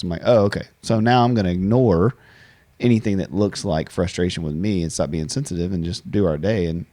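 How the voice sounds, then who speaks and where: A man's voice: low-pitched, fairly quick, dark tone, dry recording. A man hosting a conversational interview, reflective and often repeating words as he thinks. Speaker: podcast host.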